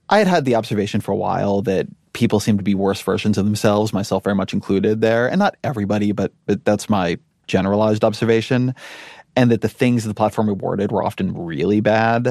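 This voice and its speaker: Thoughtful low-voiced man, dry sound. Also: a little mellow, dry recording. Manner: thoughtful, measured, frequent restarts. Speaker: podcast guest. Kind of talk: conversational interview.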